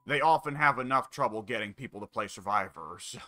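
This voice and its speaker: A man's voice: mid-range voice, brisk, pushed and bright, no echo. A man chatting casually with a friend while gaming, rambling with frequent fillers. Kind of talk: casual chat.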